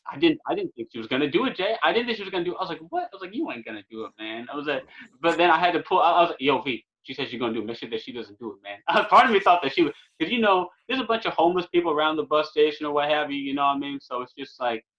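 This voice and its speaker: Rapid-fire and a little high-pitched, the young man from California rattles off a long, funny story as a guest on a podcast. He's casual and animated, filling gaps with "man" and "or what have you," and the audio sounds dull and lo-fi.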